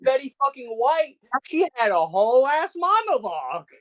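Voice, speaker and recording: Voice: high voice, big pitch swings, moderate pace, a bit bright, dull audio. A podcast co-host ranting in casual chat, swearing constantly and sounding incredulous.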